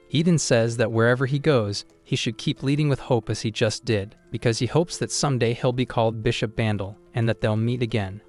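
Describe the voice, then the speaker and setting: A man narrating a story recap in a steady storytelling style. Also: medium pitch. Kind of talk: scripted narration.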